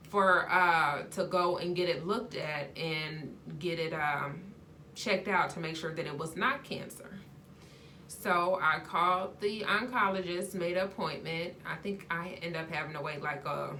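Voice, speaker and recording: A woman with a low-pitched but bright, forceful voice tells her own story in a casual, chatty way. She fills gaps with ums and slips into voicing the people she talks about. A faint hum sits behind her. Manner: chatty, many ums, acts out quoted dialogue. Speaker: vlogger sharing her health story.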